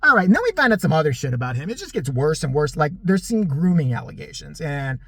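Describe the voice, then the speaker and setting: Profane, sarcastic vlogger with a husky voice. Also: medium pitch, sing-song, fast, fairly bright tone. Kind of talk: ranting commentary.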